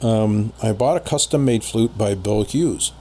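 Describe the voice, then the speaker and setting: A man telling a personal story in casual conversation as a podcast guest, rambling with many pauses and fillers. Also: lowish voice, warm tone.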